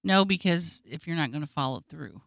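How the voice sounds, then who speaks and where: Woman co-host, calm and matter-of-fact, lively bright voice, dry close recording. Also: deep voice, a little fast, gravelly, no room sound. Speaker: podcast co-host. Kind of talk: casual chat.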